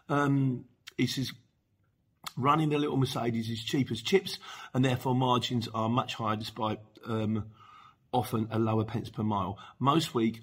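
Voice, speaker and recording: His voice is fairly low and slightly rough as this middle-aged podcast host works through listener messages in casual chat. The talk is rambling and chatty, full of asides, restarts, and laughter.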